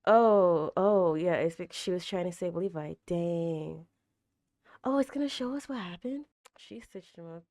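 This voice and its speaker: A young woman hosting an anime reaction, chatting casually with a tired, slightly raspy throat and bursting into gasps and exclamations. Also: on the low side, a little slow, no echo, studio quality. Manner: animated, gasps and exclaims loudly, chatty with fillers.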